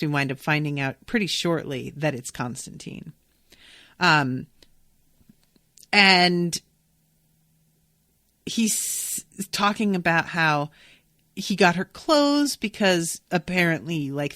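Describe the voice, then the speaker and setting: Lively low-voiced woman recapping a show. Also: takes it slowly, no echo, studio quality. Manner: animated, candid, swears freely. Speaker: podcast host. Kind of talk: casual recap chat.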